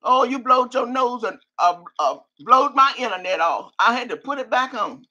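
A woman's voice: a little high, lively intonation, moderate pace, pushed and bright, highs cut off. An older woman on a live stream, cursing and trash-talking while she reads out viewer names. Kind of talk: profane live-stream rant.

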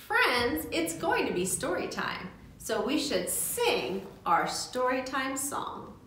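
A woman preschool teacher singing and reading a picture book to children, slow, gentle and sing-song. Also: high-pitched, very animated, heavy reverb, slight background noise.

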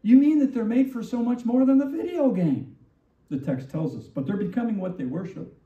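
A man preaching a sermon as pastor, animated and full of rhetorical questions, acting out the lines he quotes. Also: very high-pitched, normal speed. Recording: distant, roomy, dull church recording.

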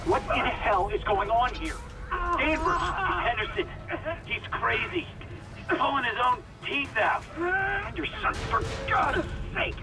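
A man's voice: extremely high pitch, big pitch swings, slow, creaky, distant mic, over loud music, exaggerated voice, poor audio. A frantic, screaming crewman. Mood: panicked. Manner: frantic, strained shouting. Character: panicked male crewman screaming from afar.

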